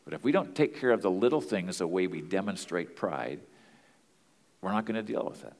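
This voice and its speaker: A man's voice: deep voice, lively intonation, fairly quick, in a large hall. A man teaching as a pastor and marriage counselor, earnest and plain-spoken in a conversational way.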